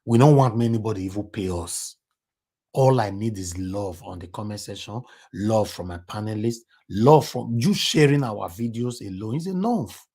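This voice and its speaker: A man's voice: fairly low pitch, moderate pace, mellow, slightly rough. A man with a Nigerian Pidgin English accent hosting a live online talk show, switching between Pidgin and English and teasing his callers. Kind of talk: live stream chat with callers.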